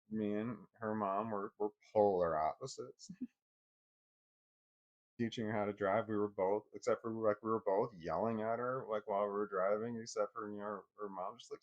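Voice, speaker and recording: A man's voice: on the low side, steady tone, normal speed. A middle-aged man telling a personal story in casual vlog talk, rambling and profane, with many restarts. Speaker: vlogger.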